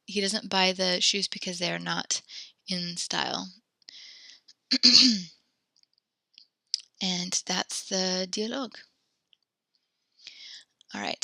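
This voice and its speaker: A woman's voice: lowish voice, creaky, pushed and bright, dry recording. A woman teaching a French lesson, explaining grammar step by step with frequent ums and self-corrections. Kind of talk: recorded classroom lesson.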